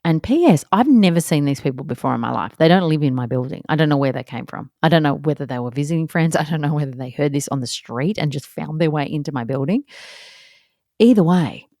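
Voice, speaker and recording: An Australian woman in her thirties tells a story from her own life in a low, mellow voice. She recounts it with animated exasperation and acts out each person's lines. The recording is close and dry, with no room sound. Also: fast, no echo. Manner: animated, exasperated retelling with acted-out quotes. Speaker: podcast host. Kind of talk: casual storytelling monologue.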